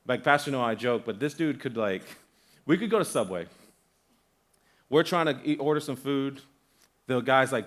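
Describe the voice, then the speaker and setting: A young male guest pastor preaches to a church congregation in a loose, conversational way. He tells stories with energy, jumps into other people's voices, and often restarts his sentences. His pitch sits in a middle range for a man. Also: a little fast. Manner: animated storytelling, acts out quoted voices. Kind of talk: sermon. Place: church sanctuary.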